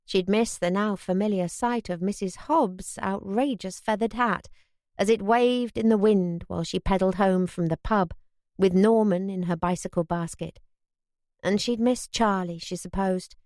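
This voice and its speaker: A woman's voice: mid-range voice, moderate pace, darkish tone, dry recording. Woman narrating in a dry, close voice. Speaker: audiobook narrator. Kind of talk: scripted narration.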